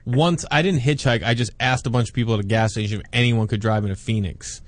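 A man's voice: medium pitch, fairly even intonation, fast talker, dry recording. Laid-back slangy man, dry sound. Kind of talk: casual chat.

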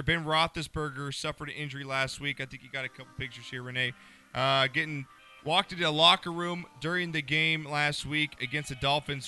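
A young man hosting a casual sports talk show, joking and moving briskly through segments. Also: medium pitch, pushed and bright.

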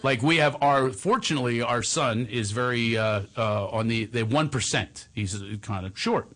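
A man's voice: mid-range voice, normal speed, fairly bright tone. A middle-aged man telling comic, self-mocking anecdotes on a talk show, slipping into voices as he goes. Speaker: guest storyteller.

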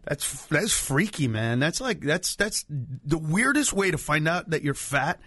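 High-voiced animated male comedian. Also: unhurried, breathy edge, no room sound, studio quality. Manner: animated storyteller acting out friends and family. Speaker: guest comedian. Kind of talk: casual radio chat.

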